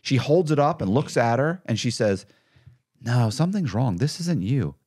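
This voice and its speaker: With a husky, medium-pitched voice at normal speed, a man guesting on a podcast shares his past as a con artist in a casual way. He tells it animatedly, voicing others' words as quotes.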